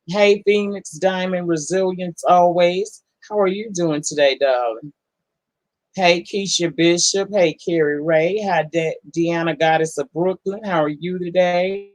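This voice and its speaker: A woman's voice: on the low side, fairly even intonation, a little slow, dry recording, rough recording. A woman hosting a casual live-stream, greeting viewers one by one in a folksy, affectionate way. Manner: folksy, affectionate, calls people honey and baby. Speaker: livestream host.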